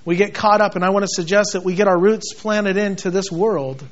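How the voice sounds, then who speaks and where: A man preaching a sermon as a pastor, swinging from loud, emphatic outbursts to quiet, intense passages. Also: sits high, brisk. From United States. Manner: dramatic, shifts between shouting and quiet intensity. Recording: dull lo-fi sound.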